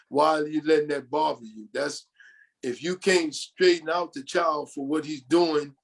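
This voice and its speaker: A man's voice: a little high, creaky. Older New York man telling stories. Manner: rambling, often quoting others. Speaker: podcast guest. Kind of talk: storytelling in an interview.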